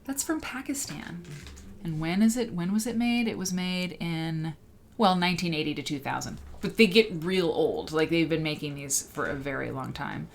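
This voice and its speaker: A woman hosting a casual livestream, rambling and excitable as she chats and reads out viewer comments. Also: sits low, moderate pace, vocal fry, slight background noise. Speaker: livestream host.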